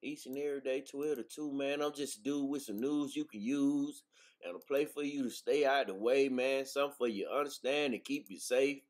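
A man's voice: medium pitch, brisk. A man hosting a casual livestream chat, laid-back and laughing easily, ending his lines with "man". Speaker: host.

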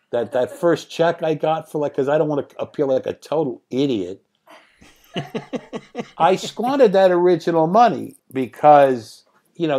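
Animated older man telling stories. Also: on the high side. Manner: animated, swears casually, laughs at own stories. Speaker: guest, screenwriter and director. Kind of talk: anecdotal interview storytelling.

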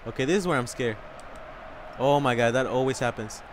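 A young man commentating his own soccer video game live, excitable and swearing, whooping and yelling at big plays. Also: mid-range voice, brisk, noisy background. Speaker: gamer.

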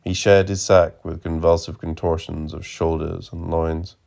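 A man narrating a literary audiobook in a measured, deadpan way. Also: sits low, gravelly. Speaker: audiobook reader.

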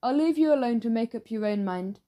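A woman's voice: on the high side, lively intonation, brisk, muffled recording, lightly acted. A woman voicing an overly eager, chatty male newsagent who keeps pushing sweets in a salesy, fawning way.

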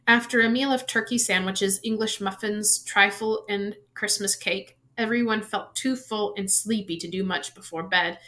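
A woman reading a novel aloud at an ordinary middle pitch. She reads expressively, lifting her voice at tense moments and letting sentences fall away softly. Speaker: reader.

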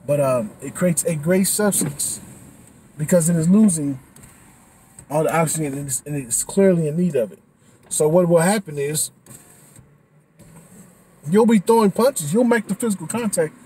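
A man talking casually after a boxing class, animated and slangy, full of restarts, a little out of breath. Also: fairly high pitch, normal speed, slight background noise, poor audio. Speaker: vlogger. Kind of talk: casual vlog talk.

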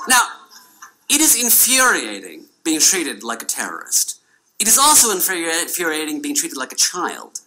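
A young man telling a humorous personal story in a wry, self-mocking, animated way. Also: fairly high pitch, moderate pace, poor audio.

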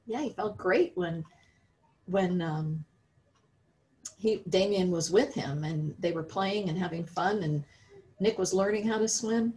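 A woman's voice: fairly low pitch, a little slow, long pauses, a little mellow, low-quality recording. An American woman in her role as a religious education teacher, reading a story to children. She tells it expressively and keeps stopping to ask her listeners how they would feel.

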